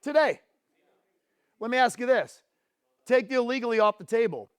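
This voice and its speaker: A man with a high voice gives a motivational keynote on a conference stage. He mixes confessional stories with direct questions to the audience. The sound is close and dry, and his voice sinks low on painful moments and climbs when he pushes the crowd. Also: expressive, moderate pace, clear, resonant tone, no room sound. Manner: drops low and quiet on painful memories, rises and speeds up when fired up. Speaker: motivational speaker.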